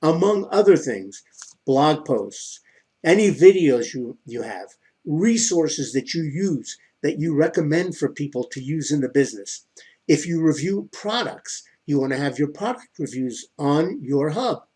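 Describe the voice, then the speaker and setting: A middle-aged man with a husky, somewhat raised voice gives an instructional talk on marketing. He talks emphatically and keeps firing rhetorical questions that he then answers himself. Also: on the high side, lively intonation, unhurried, a little mellow. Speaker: online marketing coach.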